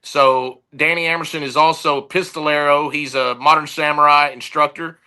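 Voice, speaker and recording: A man who heads a security firm, talking casually as a podcast guest. His voice is very bright and forceful and sits slightly high. He tells stories in an easygoing, energetic way. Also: normal speed, clear, resonant tone, rough recording.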